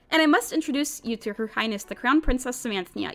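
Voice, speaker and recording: A young woman streaming a visual novel, reading the characters' lines aloud and reacting with giggly, animated commentary. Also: high-pitched, moderate pace, faint music behind.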